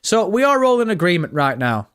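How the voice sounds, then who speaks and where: Excitable British man live-streaming. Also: high-pitched, brisk, clean tone. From Britain. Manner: excitable, swears often, chats directly to viewers. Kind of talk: casual live-stream chat.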